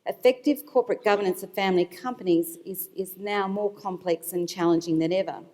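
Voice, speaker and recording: A woman panelist speaking as an institutional investor, explaining her points in a measured way with some fillers, at a conference. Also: medium pitch, steady tone, mellow. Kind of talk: panel discussion remarks. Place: conference hall. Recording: long hall reverb. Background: hall reverb.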